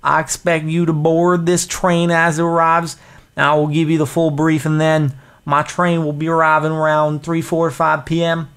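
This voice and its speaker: A man's voice: on the high side, level tone, a bit bright, clean tone, pitched above the performer's own voice. A man doing a dramatic old-west letter reader. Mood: grave, urgent. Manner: slow, dramatic, letter-reading voice. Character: earnest man reading an urgent railroad letter.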